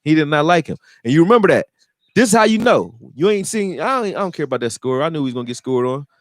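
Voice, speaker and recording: A man's voice: a little high, fast talker, dry recording, clean studio sound. A man who makes football videos, speaking in a casual, profane sports rant and acting out quotes. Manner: animated, profane, acts out quotes. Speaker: fan commentator making football videos.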